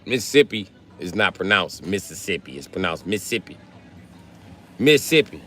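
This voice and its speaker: A man's voice: low voice, big pitch swings, moderate pace, fairly bright tone, faint music behind. A man chatting casually on a livestream, reading comments and trading crude, joking banter with his viewers. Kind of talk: casual live stream chat. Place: South Carolina.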